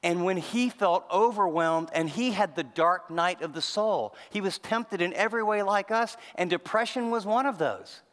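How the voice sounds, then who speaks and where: A man with a high voice preaches animatedly, firing off question after question. His voice rings through a large hall with a long reverb. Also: moderate pace, few pauses, fairly bright tone. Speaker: pastor. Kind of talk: sermon.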